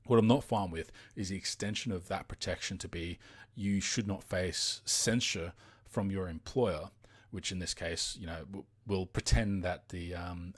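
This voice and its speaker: A man's voice: low-pitched, slightly rough. An Australian man hosting a live stream, ranting heatedly in casual commentary with frequent fillers and some swearing.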